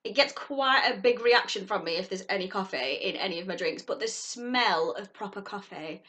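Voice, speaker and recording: A woman vlogging a subscription box unboxing in casual chat, gushing and excitable. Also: mid-range voice, moderate pace. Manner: gushing and excitable, squeals at surprises.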